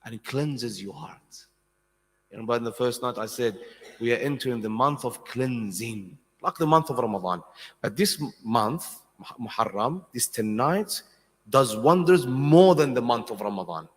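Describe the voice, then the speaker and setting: A man delivering an impassioned religious sermon, his fairly high voice climbing into emotional cries as he tells stories. He questions the congregation directly. The sound rings with a long hall reverb. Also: lively intonation, moderate pace, fairly bright tone. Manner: asks the audience questions directly. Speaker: preacher. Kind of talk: Muharram sermon.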